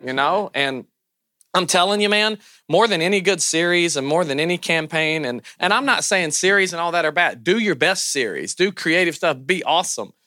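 A man with a Southern American accent preaching a sermon as a pastor, loud, animated and self-deprecating. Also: fairly high pitch, normal speed, dry recording, studio quality.

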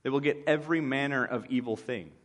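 A man's voice: medium pitch, fast talker, a bit bright. Wry, conversational male preacher. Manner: conversational, wry storytelling with acted asides. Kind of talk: sermon.

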